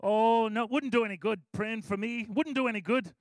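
A man's voice: sits high, fairly quick, dry recording. A man voicing a small, chatty Welsh car salesman with a playful Irish-sounding lilt. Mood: teasing.

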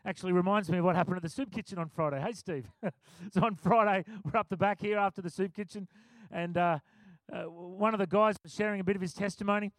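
High-voiced man preaching. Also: fairly even intonation, fast talker, no echo. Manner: conversational storytelling preacher, laughs often. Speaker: pastor. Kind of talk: sermon.

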